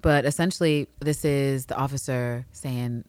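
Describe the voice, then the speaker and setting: A woman's voice: low voice, very animated, fairly quick, no room sound. A woman co-hosting a podcast, recapping an episode in casual, profane chat and acting out scenes in voices. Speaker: podcast co-host.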